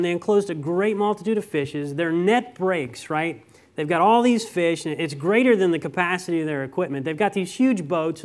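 Telling stories and tossing out rhetorical questions, a middle-aged male pastor delivers a sermon in a conversational style. His voice leans toward the high side.

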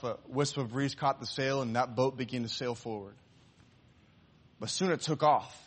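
Male pastor, mid-pitched, sermon storyteller. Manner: animated storyteller, voices the excited boy in a raised pitch; slows and softens for the closing appeal.

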